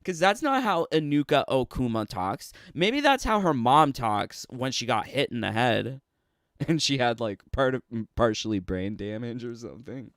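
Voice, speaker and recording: A man's voice: medium pitch, lively intonation, moderate pace, fairly bright tone, no echo, studio quality. A man with a Canadian accent, streaming and ranting casually, sarcastic and laughing often between phrases. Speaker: streamer and commentator. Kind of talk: casual livestream rant.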